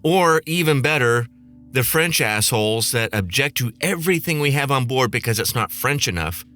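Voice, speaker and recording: A man who is both a podcast host and a flight attendant delivers a comedic rant that's snarky, profane, and sarcastic. His mid-range voice has lively intonation and a sharp tone at a moderate pace, with faint music in the background.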